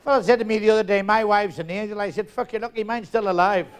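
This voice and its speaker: An older man with a Northern Irish accent and a high voice tells jokes in a live stand-up set. He talks fast, acts out every character in the dialogue, and punches the lines hard. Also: background noise. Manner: rapid joke-telling, acting out characters in dialogue. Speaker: stand-up comedian. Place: live theatre stage.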